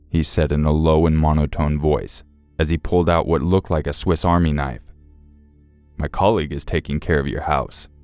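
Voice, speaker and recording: Very deep-voiced man narrating horror. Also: a little mellow, no room sound. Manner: tense, dramatic storytelling. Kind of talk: scripted first-person horror narration. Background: faint music.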